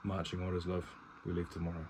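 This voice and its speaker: Deep-voiced gruff officer, read plainly by a man; noisy home recording. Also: monotone, fast talker, lightly acted. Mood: low, tender. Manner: plain reading, little acting. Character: gruff male army officer, commanding.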